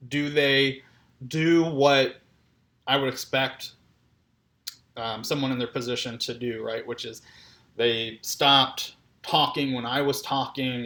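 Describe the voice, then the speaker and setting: A man's voice: mid-range voice, fairly bright tone. A man giving a conversational lecture on clinical assessment, often checking in with "right?". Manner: conversational, keeps asking "right?". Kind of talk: recorded lecture.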